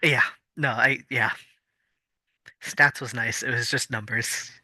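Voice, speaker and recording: A man's voice: mid-range voice, fairly even intonation, slow, bright, forceful tone, dry recording. A man co-hosting a casual podcast, explaining things thoughtfully with fillers and restarts. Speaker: podcast co-host. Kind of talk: casual chat.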